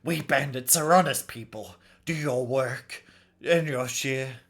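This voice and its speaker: A man voicing an angry, rude male wolf bandit in a game, talking brashly and loudly. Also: medium pitch, takes it slowly. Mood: scornful. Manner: brash, shouting, swearing.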